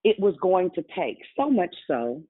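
A woman's voice: lowish voice, big pitch swings, normal speed, husky. Woman preaching a testimony, tinny sound. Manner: conversational, addresses congregation directly. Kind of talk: sermon testimony.

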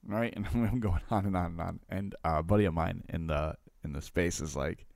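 A man casually telling a story to his audience in a lively way, acting out both sides of a conversation and tagging his lines with "right?". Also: low-pitched, brisk, gravelly, dry recording, studio quality. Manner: animated, acts out dialogue, constant "right?" tags. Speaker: coach and online marketer.

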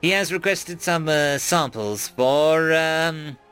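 A man's voice: fairly high pitch, slow pace, fairly bright tone, smooth, soft background music, pitched above the performer's own voice. A man voicing a stern, aloof male alien ambassador who speaks stiffly and formally.

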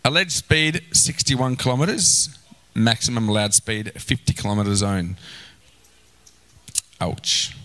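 A male pastor preaching a sermon, animated, acting out inner voices and exclaiming. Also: medium pitch, unhurried, low-quality recording.

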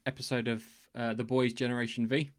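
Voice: mid-range voice, little pitch movement, a little fast. A podcast host opening and steering a casual chat, with a teasing, jokey manner.

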